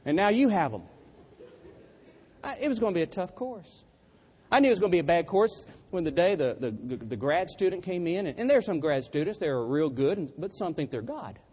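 A man's voice: sits high, very animated, a little fast, darkish tone, husky. A man preaching a sermon through humorous, self-deprecating storytelling.

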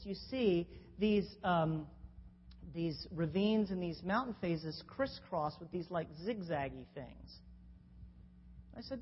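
Lively woman preaching in an echoing hall. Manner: animated storytelling, with restarts and sudden pitch jumps. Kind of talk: sermon. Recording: dull sound in a long-reverb hall with faint noise.

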